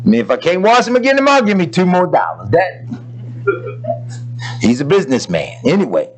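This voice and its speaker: Man, preacher, sermon, fairly high voice, very lively pitch, casual, talks to the congregation. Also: a little fast, pauses often, poor audio. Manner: lively preaching with loose asides and acted-out quotes; colloquial, talks to the congregation directly.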